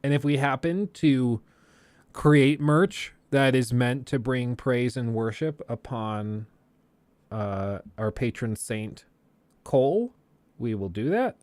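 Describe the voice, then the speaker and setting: A man's voice: mid-range voice, animated, slow, a little mellow, dry recording. A young man hosting a live stream, chatting casually with viewers in a rambling, joking way and laughing often.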